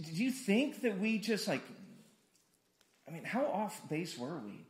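A man's voice: sits high, big pitch swings, moderate pace, reverberant. A man preaching a conversational sermon, often repeating words and acting out dialogue. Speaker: pastor.

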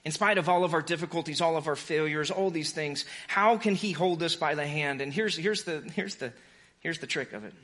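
A male pastor delivers a sermon with a bright, forceful edge to his fairly high voice. He preaches with urgency, pleading with his listeners, then drops into hushed, intimate stretches. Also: a little fast.

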